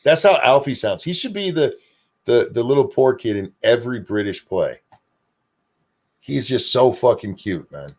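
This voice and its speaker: With a mid-range voice and a moderate pace, this older host of a laid-back streamed talk show curses liberally. His chat is lively and full of jokes at his own expense.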